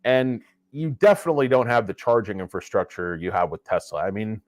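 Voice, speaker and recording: A lower-pitched man hosts a loose livestream, chatting with viewers in a rambling, jokey way. He sounds stuffy from a head cold. The sound is dry and close, from a clip-on lapel mic. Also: brisk, no echo. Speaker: livestream host. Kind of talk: casual livestream commentary. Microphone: cheap lapel microphone.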